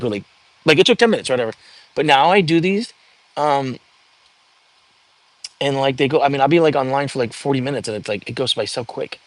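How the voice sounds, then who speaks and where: A young man chats through a casual livestream at an ordinary mid-range pitch. He reads viewer comments aloud and answers them on the fly, loose and easygoing. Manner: chatty and easygoing, reacts to viewer comments as they come. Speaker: livestream host. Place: home.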